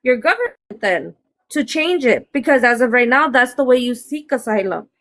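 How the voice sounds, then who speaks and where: A woman joining a casual political livestream as a panelist, chatty and quick to laugh. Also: on the high side, expressive, fairly bright tone, no echo.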